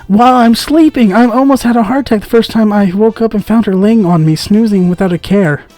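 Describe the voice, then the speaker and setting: A man's voice: high voice, a little fast, a little mellow, no echo, faint music behind. A man giving let's-play commentary, reading game text aloud and making joking asides with frequent giggles. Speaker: gaming content creator.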